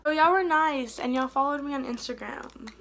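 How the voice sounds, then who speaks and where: A young woman chatting casually while doing her makeup for a beauty vlog, rambling and trailing off softly mid-thought. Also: high-pitched, moderate pace, slight background noise. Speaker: beauty vlogger. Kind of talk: casual get-ready-with-me chat.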